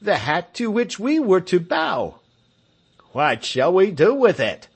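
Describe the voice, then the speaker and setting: Male narrator doing an excited crowd of village men, exclaiming high and loud. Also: slow pace, gravelly, husky, exaggerated voice. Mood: defiant.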